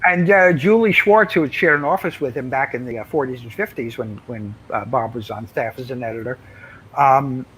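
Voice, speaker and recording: A man's voice: medium pitch, moderate pace, a bit bright, slightly rough, rough recording. An older man, a comics writer, telling anecdotes in casual interview chat, rambling with many fillers and restarts.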